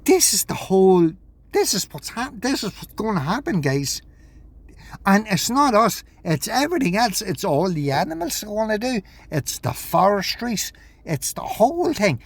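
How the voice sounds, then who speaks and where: A man's voice: high-pitched, very animated, moderate pace, no echo. A man talking in a rambling vlog monologue, agitated, swearing and repeating himself. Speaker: vlogger.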